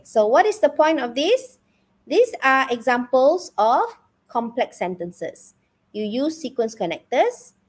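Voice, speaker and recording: A woman with a Malaysian English accent teaching a live online exam-prep lesson, coaxing her students with frequent questions. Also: on the high side. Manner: animated, coaxing, asks the class questions.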